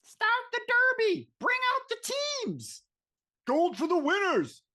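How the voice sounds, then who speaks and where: A man voicing shouting members of a bloodthirsty arena crowd in a comic read-through. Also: very high voice, wildly swooping pitch, takes it slowly, voice pushed up, heavily acted. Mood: bloodthirsty jeering. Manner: shouted jeers.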